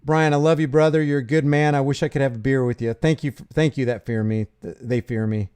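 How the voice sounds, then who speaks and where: A man's voice: medium pitch, steady tone, fast talker, darkish tone, clean tone. A man hosting a casual stream, reading verses aloud and rebutting them with sarcastic, mocking asides. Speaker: channel host, commentator. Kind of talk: casual live-stream commentary.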